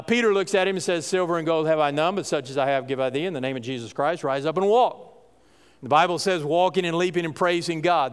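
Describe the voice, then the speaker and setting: A pastor preaches a sermon in a church sanctuary, folksy and emphatic, his voice rising on key points. He has a clean, somewhat high-pitched voice, and the church hall adds a reverberant quality.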